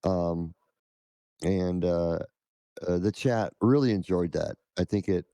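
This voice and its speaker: A man who streams scam-baiting, answering interview questions in a halting, measured way. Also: low voice, warm tone, no echo.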